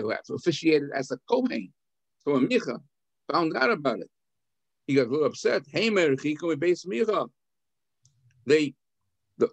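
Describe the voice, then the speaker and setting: Older male rabbi, lively class teacher acting out dialogue; fairly high, gravelly, dry. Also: dry recording. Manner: animated, acts out the characters' lines. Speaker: rabbi teaching adult education. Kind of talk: text study class, reading Hebrew and explaining.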